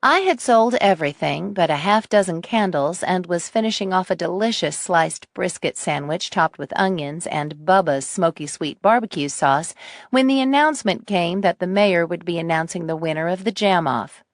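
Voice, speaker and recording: A woman narrating a mystery audiobook in a measured first-person style. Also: lowish voice, animated, dry recording, clean studio sound.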